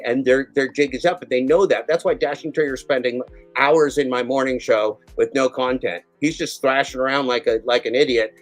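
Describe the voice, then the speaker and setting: A man hosting a live show, ranting with heat and frequent swearing. He mocks others in quick put-on voices, with faint music playing behind him. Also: mid-range voice, poor audio. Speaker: show host. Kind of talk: heated live-stream commentary.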